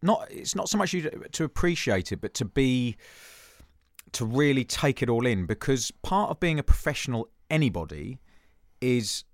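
A man's voice: medium pitch, sing-song, normal speed, no echo. A man in his fifties from Jersey, a former footballer being interviewed, talking thoughtfully with restarts and dry self-deprecating humour. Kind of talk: reflective conversational interview.

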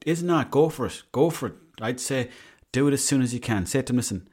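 A man's voice: medium pitch, a little fast. An Irish man in his thirties hosting a solo podcast, chatty and rambling, swearing freely as he tells stories. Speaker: podcast host. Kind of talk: casual solo podcast monologue.

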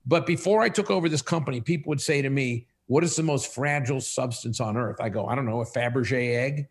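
This medium-pitched, fast-talking podcast guest is a company CEO. He tells stories in a casual interview and animatedly acts out the conversations in them.

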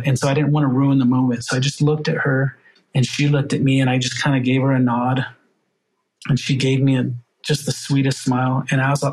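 A man's voice: medium pitch, poor audio. A middle-aged man, a firefighter and podcast guest, telling an emotional story earnestly and with feeling, acting out the voices of the people in it. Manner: earnest, emotional, animated retelling with quoted voices.

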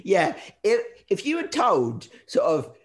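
High, lively man hosting a comedy podcast. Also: slow. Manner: playful, laughs a lot. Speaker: podcast host. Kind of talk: casual comedic chat.

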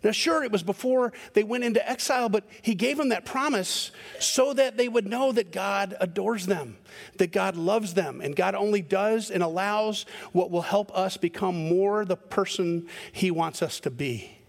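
A man with a high, light voice preaches a sermon, keeping it conversational and personal. He tells stories with lively animation as he goes. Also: normal speed, creaky. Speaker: pastor.

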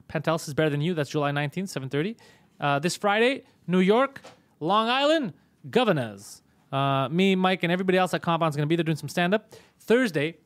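A male comedian hosting a casual live stream, loud and profane, mock-bullying his co-host. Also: on the high side, no room sound.

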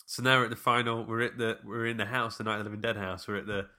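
Guy hosting a film podcast, lowish voice, bright edge, walks through the plot. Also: level tone, racing. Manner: leads the talk, narrates scenes step by step with fillers. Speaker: podcast host. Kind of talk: casual film recap chat.

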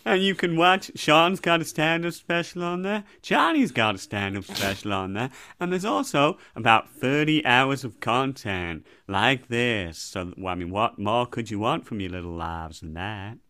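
A man co-hosting a comedy podcast in rambling, jokey chat. His voice swings in pitch and sounds bright, close and dry. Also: expressive, unhurried, few pauses, no echo. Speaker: podcast co-host.

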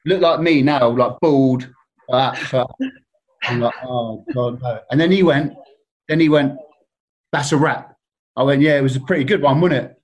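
A man's voice: mid-range voice, moderate pace, pauses often. A man telling a rambling, self-deprecating story in casual chat, laughing often. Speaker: guest telling stories.

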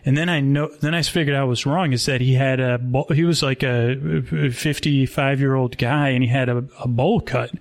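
A man's voice: mid-range voice, fairly even intonation, moderate pace, few pauses. Rambling male live storyteller. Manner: rambling, with stumbling restarts. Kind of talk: improvised comic storytelling at a live show.

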